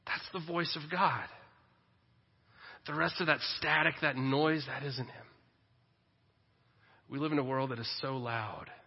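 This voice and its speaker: A middle-aged man preaching a sermon in a church, swinging between loud emphatic lines and soft tender ones. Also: medium pitch, a little slow, vocal fry, long pauses, slightly rough. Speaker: pastor. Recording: echoey hall, dull lo-fi audio.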